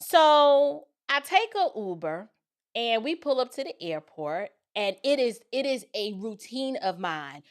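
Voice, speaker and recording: An animated woman tells a personal story to her viewers. Her voice sits a little high, and she slips into different voices when she quotes people. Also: a little slow, clean tone. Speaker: show host.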